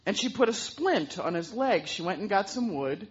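Lively, breathy woman telling a story. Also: mid-range voice, moderate pace, muffled recording. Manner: lively, with vocal sound effects. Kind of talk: animated oral storytelling.

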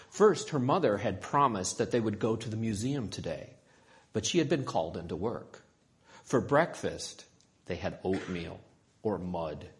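A man reading a children's story aloud in an expressive storytelling manner. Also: low voice.

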